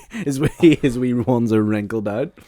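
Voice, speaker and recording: A man's voice: medium pitch, animated, a little slow, dark tone. A young man, a podcast guest telling stories playfully and laughing often. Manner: giggly, playful storytelling. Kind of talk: casual comedic chat.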